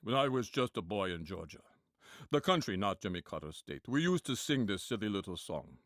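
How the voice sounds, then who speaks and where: A man voicing a solemn commercial testimonial giver, speaking slowly and gravely. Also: on the low side, sing-song, dry recording, clean studio sound. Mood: mock-solemn. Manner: slow, mock-solemn delivery.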